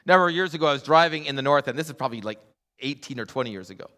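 A middle-aged man preaching a sermon as a pastor, animated and acting out voices in his stories. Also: mid-range voice, racing. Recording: long hall reverb.

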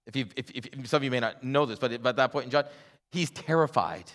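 A middle-aged man preaching a sermon as a pastor, animated and acting out voices in his stories. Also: medium pitch, fast. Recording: long hall reverb.

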